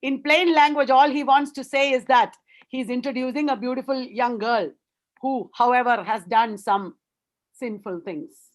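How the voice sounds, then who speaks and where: Woman lecturer, high voice, earnest explanatory webinar delivery. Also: moderate pace. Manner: earnest, explanatory, repeats words for emphasis.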